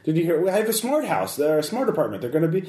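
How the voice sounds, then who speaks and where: A panicky businessman stammers and pleads, his voice jumping up high, as a man puts him on. It sounds like an echoey room. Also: huge pitch swings, very fast, darkish tone. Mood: panicked.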